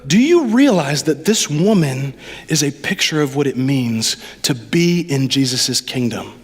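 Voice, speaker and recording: A man preaching a lively sermon as pastor, addressing the congregation directly and with animated delivery. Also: medium pitch, unhurried, slightly rough, big-room sound. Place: church sanctuary.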